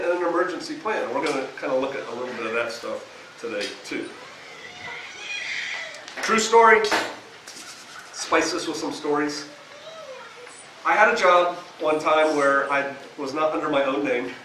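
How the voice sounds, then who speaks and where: Folksy storytelling pastor in echoey hall. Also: male voice, a little high, normal speed, background noise. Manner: folksy, chatty storyteller who laughs at his own stories. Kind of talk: storytelling seminar talk to a live audience. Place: hall with a live audience. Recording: echoey room recorded from a distance.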